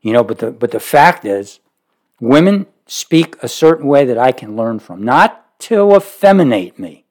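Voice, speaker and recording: A man preaching a sermon, speaking emphatically with sudden rises and low drops. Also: sing-song, a little slow. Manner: emphatic, rising to forceful peaks then dropping low.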